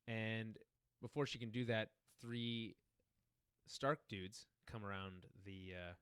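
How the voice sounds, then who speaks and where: A man's voice: fairly low pitch, fairly even intonation, slow, a bit bright, clear, resonant tone, no echo, clean studio sound. A man co-hosting a podcast, recapping a TV episode in casual chat, often laughing and acting out lines from scenes. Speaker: podcast co-host.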